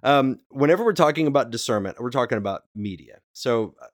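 A man's voice: mid-range voice, animated, fairly quick, no room sound, studio quality. A man co-hosting a church podcast, talking casually and hedging with many fillers and restarts. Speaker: podcast co-host. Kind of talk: casual discussion.

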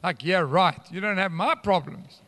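A man preaches to his congregation, swinging from loud declarations to hushed asides and wandering off his notes. His voice sits high and sounds bright and ringing. A long reverb from the church hall trails his words. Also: moderate pace. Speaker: pastor. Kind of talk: sermon.

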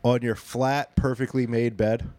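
A man co-hosting a comedy podcast, riffing in a deadpan, drawn-out way. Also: mid-range voice, dry recording. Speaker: podcast co-host. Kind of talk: casual comedy podcast chat.

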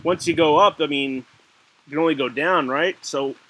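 Male podcast co-host, giggly and rambling, bright forceful voice, slightly high. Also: normal speed, slight background noise. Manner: giggly, rambling with fillers and restarts. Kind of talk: casual chat.

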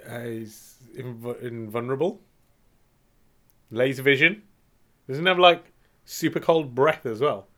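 Casting: male co-host, bright tone, playful banter. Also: medium pitch, measured pace, pauses often. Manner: joking, playful banter with frequent laughs. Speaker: podcast co-host. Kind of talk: casual chat.

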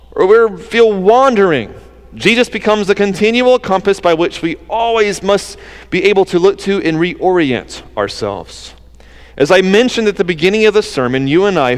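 A man with a Southern accent preaching a sermon as pastor, earnest and conversational, with quick asides and rephrasings. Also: high voice, big-room sound.

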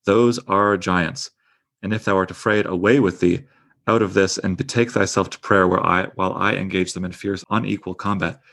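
A man's voice: low voice, fairly even intonation, normal speed, vocal fry, fairly bright tone, exaggerated voice. A man reading aloud as a deluded old knight, in a solemn, lofty, archaic manner. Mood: grandiose.

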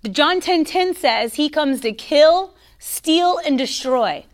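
A woman giving a casual, conversational faith teaching to her online followers, emphatic and sometimes mocking, pausing to sip coffee. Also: high voice, animated. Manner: sips coffee while talking. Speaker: Christian teacher.

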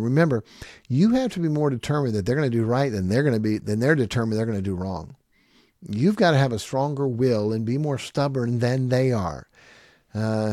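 A middle-aged man gives parenting advice in an animated, conversational way. He slips into quick voices of parents and children and laughs between points. His voice is recorded close and dry, with no room sound. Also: medium pitch, no echo. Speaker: parenting teacher. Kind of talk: conversational teaching talk.

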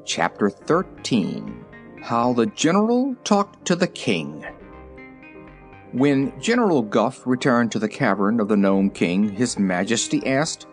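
A man reading a children's fantasy book aloud as scripted narration, with an expressive delivery. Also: mid-range voice, takes it slowly, soft background music, rough recording. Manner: expressive reading with character voices. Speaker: audiobook reader.

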